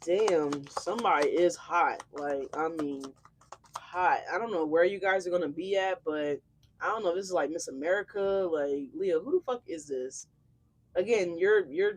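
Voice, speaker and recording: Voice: mid-range voice, lively intonation, moderate pace, husky. A tarot reader hosting a casual live reading, talking straight to viewers in an effusive, slangy, exclamatory way, with frequent swearing. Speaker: tarot reader, channel host.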